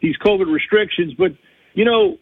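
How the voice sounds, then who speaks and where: A man's voice: sits high, moderate pace, slightly rough, dry recording. A man calling in to a radio talk show, complaining in a heated, rambling way. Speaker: caller. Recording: tinny phone line.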